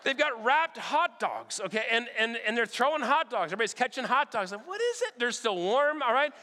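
A man preaching a sermon, telling lively stories in an animated way and checking in with his listeners again and again. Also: very high voice, brisk. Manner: animated, checks in with "all right?" often. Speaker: pastor. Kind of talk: storytelling sermon. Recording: long hall reverb.

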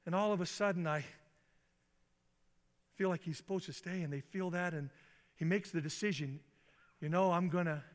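Middle-aged male pastor, storytelling sermon, slightly high voice, long hall reverb. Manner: animated, acts out quotes with big pitch jumps. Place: church sanctuary.

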